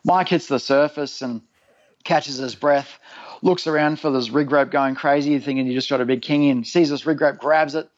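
A man telling a rambling, animated story in casual chat, laughing through it. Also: on the high side, moderate pace, muffled recording.

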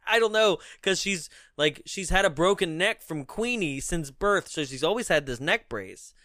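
Animated woman laughing through a film chat. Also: fairly low pitch, measured pace, no echo. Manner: animated, laughing, acts out lines in shrieks. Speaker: podcast co-host. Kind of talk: casual film review chat.

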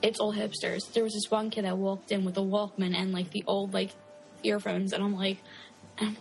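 A woman in her twenties co-hosting a casual podcast, telling animated stories full of "like". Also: medium pitch, moderate pace, vocal fry, faint music behind, rough recording. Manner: animated storyteller, heavy use of "like". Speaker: podcast co-host.

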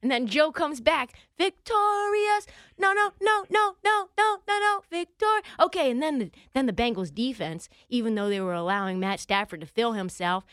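A woman co-hosting a casual sports chat show, animated and acting out players in exaggerated voices as she tells the story. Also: high voice, normal speed, dry recording, clean studio sound. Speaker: co-host.

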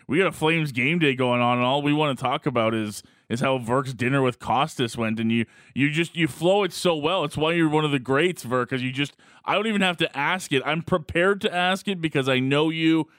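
Male radio host, slightly high pitch, dry studio sound, friendly banter. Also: brisk, hardly any pauses, a bit bright, no echo. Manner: friendly, admiring banter with his guest. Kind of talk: casual radio chat.

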